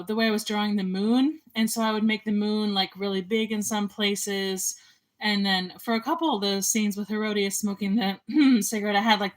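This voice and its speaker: A young woman talks casually about her own film project, rambling and full of ums and likes. Her voice sits at a middle pitch, neither high nor low. The tone is loose and conversational. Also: low-quality recording. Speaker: amateur filmmaker and artist. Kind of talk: casual chat.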